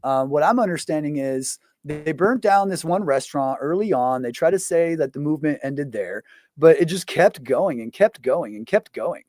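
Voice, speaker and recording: Male host, fairly high voice, dry close sound, loose profane rant, lots of fillers. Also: animated, normal speed, darkish tone, dry recording. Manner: profane, rambling, full of fillers. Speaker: show host. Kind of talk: casual ranting monologue.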